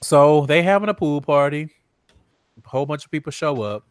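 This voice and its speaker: A man co-hosting a casual chat show, recapping reality TV with profane, animated retellings. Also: a little high, normal speed, dry recording, studio quality. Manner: profane, animated, mimics people he quotes. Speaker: podcast co-host.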